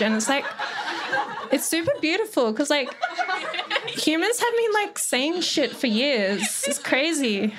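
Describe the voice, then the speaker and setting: A young woman telling a rambling comic story on stage, loose and sweary, packed with "like" and her own laughter. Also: high-pitched. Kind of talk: casual stand-up storytelling. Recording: live audience laughing. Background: audience laughter.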